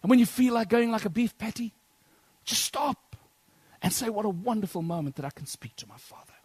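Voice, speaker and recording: A man preaching a sermon to his congregation, swinging from loud declaiming to soft near-whispers. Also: high-pitched, expressive, a little fast, slightly rough, no echo. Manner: addresses congregation as brethren.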